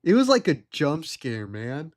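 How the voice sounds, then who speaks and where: A man's voice: on the high side, wildly swooping pitch, a little slow. A young adult man streaming live, telling a rambling story and laughing at it.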